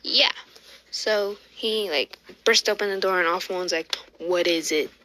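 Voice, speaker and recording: A woman's voice: mid-range voice, a little slow, sharp tone, a little hiss or hum, poor audio. A woman telling a fan story in a casual, rambling way, restarting often and saying "like" a lot.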